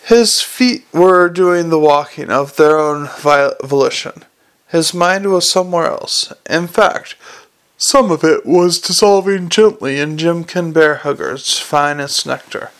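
A man's voice: on the high side, a little slow, a bit bright, clear, resonant tone. A man reading a comic fantasy novel aloud, with occasional slips and self-corrections. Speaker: narrator.

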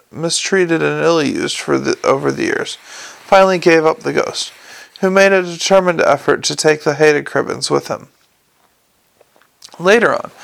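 A man narrating a fantasy audiobook in a measured, wry storytelling manner. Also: a little high, gravelly, no room sound.

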